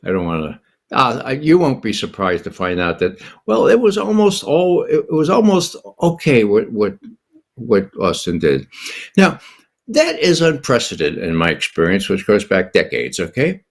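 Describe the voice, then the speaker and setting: An older man with a gravelly, husky, lowish voice offers political commentary as a guest, his pitch swinging hugely up and down at a moderate pace. He's emphatic, sardonic and incredulous, driving his points home by asking himself rhetorical questions.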